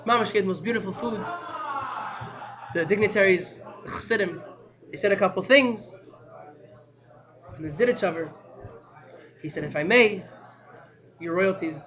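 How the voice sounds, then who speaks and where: A man teaching a class by telling a story in an animated, excitable way, repeating phrases for emphasis. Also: high-pitched, normal speed, long pauses, lo-fi sound.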